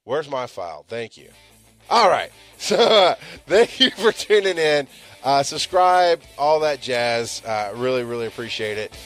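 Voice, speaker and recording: A middle-aged man hosting a live podcast, ranting with lots of swearing, swinging from loud outbursts to low mutters. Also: very animated, unhurried, soft background music. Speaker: podcast host.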